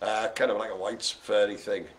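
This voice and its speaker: Here the bingo host has a fairly low voice and a flat, slightly fast delivery as he calls numbers on a live stream. He still jokes in puns, laughs frequently, and drifts into chatty digressions.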